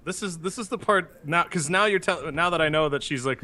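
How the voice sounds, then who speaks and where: A man's voice: a little high, a little fast, pushed and bright. A man chatting on a podcast, making dry, sarcastic asides. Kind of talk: casual chat.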